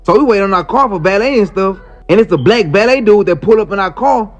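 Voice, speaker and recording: A man's voice: high-pitched, quick pace. A man casually telling a wild personal story in slangy speech, acting out the quoted lines. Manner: animated, slangy, acts out quotes. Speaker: storyteller in a clip. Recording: muffled clip with faint music.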